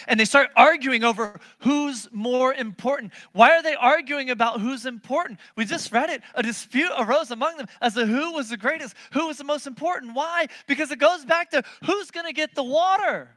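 A preacher speaks at normal speed with hardly any pauses, delivering an emphatic, animated sermon. Rhetorical questions come rapid-fire as he swings between loud and soft, low passages, all on a dry recording.

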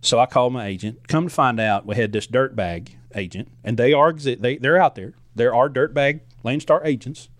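A man's voice: medium pitch, normal speed, hardly any pauses, no room sound. A man who drives a truck, telling stories from the road in a casual, rambling way with frequent restarts. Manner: conversational, frequent restarts and asides. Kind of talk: casual storytelling monologue.

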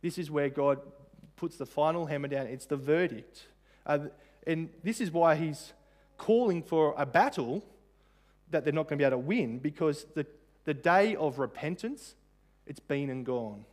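Man preaching in a slightly high voice. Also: expressive, normal speed. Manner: conversational, with frequent fillers and rhetorical questions. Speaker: pastor. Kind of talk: sermon.

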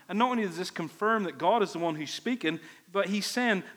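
Guy preaching, earnest and punchy, repeats himself for emphasis, kinda high voice. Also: brisk, few pauses, fairly bright tone. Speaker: pastor. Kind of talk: sermon.

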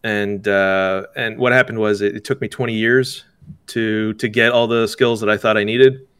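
Male interview guest, smooth tone, halting delivery, easy laughs. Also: fairly low pitch, steady tone, fairly bright tone, no room sound, studio quality. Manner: hesitant, many restarts, laughs often. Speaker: game developer guest. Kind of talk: casual interview talk.

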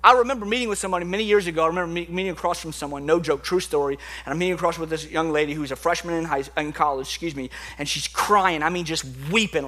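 High, bright-voiced animated male preacher. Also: very fast, few pauses. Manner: animated, conversational preaching with sudden drops to quiet intensity. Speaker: pastor. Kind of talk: sermon. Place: church sanctuary.

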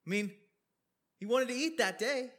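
Bright-voiced man teaching a sermon. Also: extremely high pitch, moderate pace. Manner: conversational, explains verses with questions and asides. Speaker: preacher teaching a Bible passage. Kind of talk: sermon with slides.

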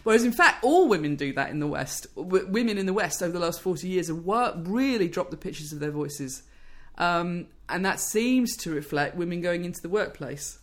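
Researcher guest, woman, low voice, thoughtful, fluent, many restarts. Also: animated, moderate pace, few pauses. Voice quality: low-pitched voice. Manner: thoughtful, fluent with frequent restarts and "you know". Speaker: speech scientist guest. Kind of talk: interview, explaining research.

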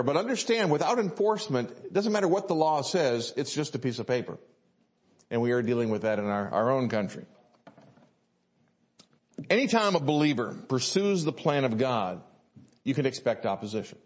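A man's voice: mid-range voice, very animated, moderate pace, darkish tone. A male pastor, preaching a sermon and telling a story with many fillers and restarts.

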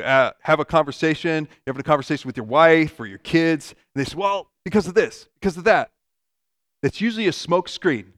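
A man preaching a conversational sermon, animated, acting out everyday quotes and vivid hypotheticals. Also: on the high side.

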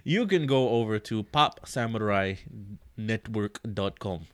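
A man's voice: lowish voice, animated, a little slow, a bit bright, clear, resonant tone, no room sound. A man hosting a casual podcast, loose and profane, often laughing as he signs off. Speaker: podcast host.

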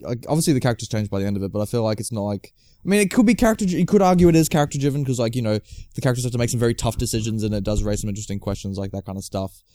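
Fast, animated man talking films. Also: medium pitch, no room sound, clean studio sound. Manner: quick, animated, heavy use of "like". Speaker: podcast co-host. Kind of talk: casual film review chat.

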